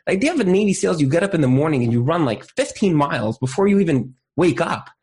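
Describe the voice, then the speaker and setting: A man giving a casual Torah sermon, animated, acting out little dialogues in different voices. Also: on the high side, fast talker. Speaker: Torah teacher.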